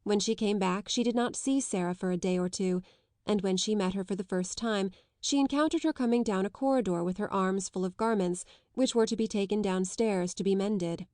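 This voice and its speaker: Female narrator for a classic novel, even and measured, dry close recording. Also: mid-range voice, no room sound. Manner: measured, even literary reading. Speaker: audiobook narrator.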